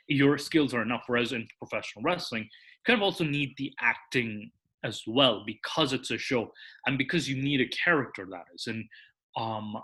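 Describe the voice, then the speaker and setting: A man's voice: mid-range voice, fairly bright tone. A man, a podcast guest, explaining at length in casual chat, restarting sentences and tacking "that is" onto his points. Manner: rambling, restarts, tags sentences with "that is".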